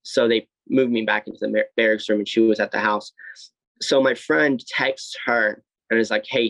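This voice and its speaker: A young man in his twenties, guesting on a podcast, tells his own story candidly, bluntly and with plenty of swearing, full of fillers and restarts. His voice is fairly low and gravelly, the recording dry with no room sound and poor audio quality.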